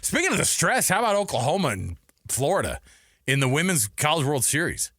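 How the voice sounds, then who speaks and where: A sports radio co-host, a man with a fairly high, bright voice, talks in an animated, laughing way. His delivery swoops up and down as he tells stories, close on a dry studio mic. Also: brisk, breathy edge, dry recording. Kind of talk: casual sports talk chat.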